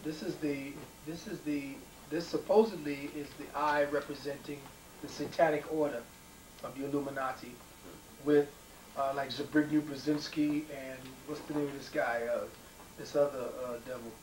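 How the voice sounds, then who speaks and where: A man's voice: a little high, steady tone, moderate pace. Echoey far-off man lecturing emphatically. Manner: emphatic, repeats words, frequent ums. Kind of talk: rambling conspiracy talk. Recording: echoey room, mic far off, faint noise.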